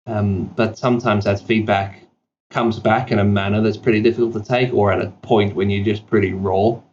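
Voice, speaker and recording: A South African man with a low, steady, slightly mellow voice speaks with a mix of British and South African accents. He's a CEO guest on a podcast interview, telling self-deprecating stories, quick with fillers and restarts. The audio has its highs cut off and a little background noise.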